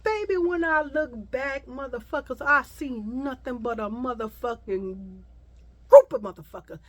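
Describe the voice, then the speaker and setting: A woman's voice: sits high, measured pace. A woman vlogger telling a dramatic, profanity-laden story in a storytime vlog.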